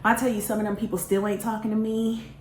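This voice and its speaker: A woman telling a funny personal story, animated and self-mocking, with laughter and dramatic pauses. Her voice sits at a middle pitch. The room adds a roomy echo with a faint hiss behind. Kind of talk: casual storytime monologue.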